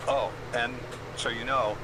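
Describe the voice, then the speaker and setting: An actor voicing a video game character, delivering scripted dialogue in a measured, explanatory way. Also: male voice, medium pitch, fairly even intonation, very noisy, lightly acted. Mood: calm.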